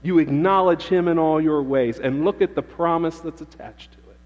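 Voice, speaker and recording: A man's voice: on the high side, normal speed, a little mellow. A man preaching a sermon to his church, emphatic and repeating key phrases for emphasis. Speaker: pastor. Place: church sanctuary. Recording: dull lo-fi with long church reverb.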